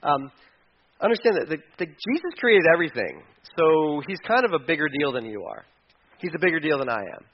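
A man preaching a sermon as pastor, animated, sometimes mimicking whiny complaints and dropping to a quiet, earnest tone. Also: fairly high pitch, fairly quick, slightly rough. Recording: dull lo-fi sound.

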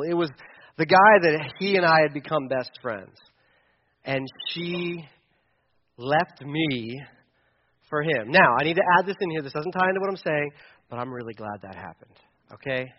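The recording is muffled with a little hiss or hum, and the man's voice is on the high side. He's a middle-aged pastor preaching a sermon, telling a personal story frankly and self-deprecatingly, full of fillers and false starts.

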